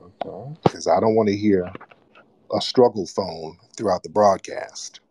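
Host type: low-voiced man, mocking and scolding tone, call-in show, dry close sound. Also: a little slow, warm tone, breathy edge, no echo. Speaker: host of live call-in broadcast. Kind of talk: casual call-in radio talk.

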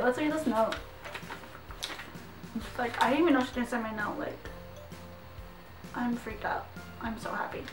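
A young woman, chatting excitedly through an unboxing vlog, giggling and saying "like" a lot. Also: a little high, distant mic. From Canada. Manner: excitable and giggly, heavy use of "like". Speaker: vlogger. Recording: echoey room, voice off-mic, faint music.

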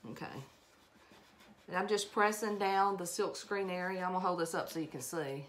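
This craft live-stream host is a middle-aged woman from Alabama with a Southern accent, speaking low, steady, and a bit bright at a moderate pace. Chatty and rambling, she demonstrates a project for viewers, greets them, and laughs at herself.

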